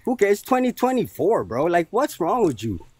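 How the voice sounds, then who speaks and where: A man's voice: high-pitched, huge pitch swings, moderate pace, a little mellow, breathy edge, no echo. A man in a heated debate, defensive and swearing often as he talks over the other speaker. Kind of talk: heated argument.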